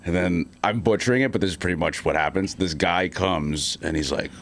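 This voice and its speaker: Man, podcast guest, casual chat, very deep voice, laid-back, rambling. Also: brisk, gravelly, a bit bright.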